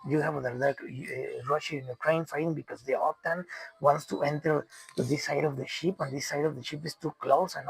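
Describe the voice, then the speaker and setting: A gravelly, exasperated man from Mexico, a native Spanish speaker, delivers an unscripted rant as a commentator. His voice sits fairly high with fairly even intonation, and he talks fairly quickly in a profane, rambling way, restarting often. The audio quality is poor.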